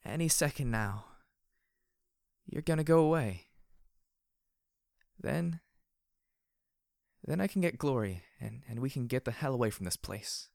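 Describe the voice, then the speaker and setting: A man's voice: mid-range voice, animated, unhurried, creaky, long pauses, darkish tone, dry recording, studio quality, pitched above the performer's own voice. A man voicing a worn-out, strained pony hero in an audiobook. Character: frazzled, weary pony wanderer, the hero. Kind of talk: audiobook character voice.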